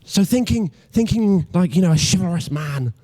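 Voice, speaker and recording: Young Welsh man on stand-up, mellow voice sitting a bit high, self-mocking, trips over his words. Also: animated, moderate pace. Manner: self-deprecating, stammering restarts, mock-logical. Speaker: stand-up comedian. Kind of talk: stand-up comedy routine.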